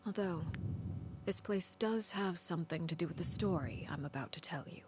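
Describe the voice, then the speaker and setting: An actress playing a cold, calculating woman leader in a game, speaking in a calm, measured, commanding way. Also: fairly low pitch, slight background noise, natural voice. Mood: solemn. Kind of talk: game voice acting. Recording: game audio with music.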